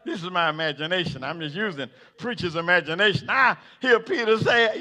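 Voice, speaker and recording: A man preaching a sermon. He repeats words and builds up to shouting. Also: high voice, lively intonation, brisk, hardly any pauses. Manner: builds to shouting, acts out the figures in the story.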